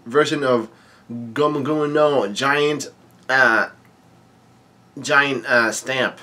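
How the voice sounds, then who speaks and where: A man casually reading a manga aloud and commenting on it, halting often with fillers and restarts. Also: medium pitch, bright, forceful tone.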